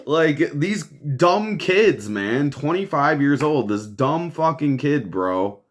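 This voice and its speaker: A man's voice: on the high side, sing-song, slow, fairly bright tone. Profane exasperated man ranting. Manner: profane, exasperated, laughs often. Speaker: podcast host. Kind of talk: ranting news commentary.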